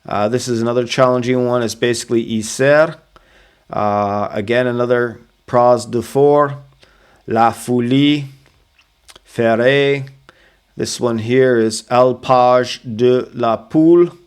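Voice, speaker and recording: Slow, careful-voiced Canadian man. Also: medium pitch, fairly even intonation, clear, resonant tone. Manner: slow, careful pronunciation of place names; hesitant, many fillers. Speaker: solo hiker sharing advice. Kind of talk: casual explainer vlog.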